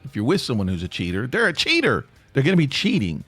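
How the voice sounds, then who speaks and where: A man's voice: mid-range voice, wildly swooping pitch, quick pace, fairly bright tone, slightly rough, dry recording, soft background music. A man hosting a solo podcast in a casual, rambling way, often stopping and restarting his sentences. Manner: rambling, self-interrupting, chatty. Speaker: podcast host. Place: home near Atlanta.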